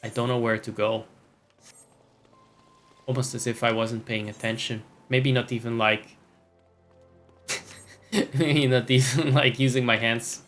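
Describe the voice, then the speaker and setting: A man's voice: mid-range voice, fairly even intonation, unhurried, long pauses, fairly bright tone, faint music behind. A man streaming a game, making sardonic, profane asides and reading the game dialogue aloud. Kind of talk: casual gameplay commentary.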